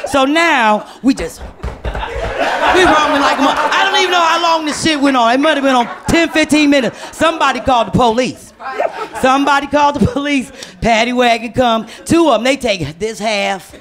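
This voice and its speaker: High-pitched woman comic, profane and animated, laughing storyteller. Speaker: stand-up comedian. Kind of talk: stand-up storytelling.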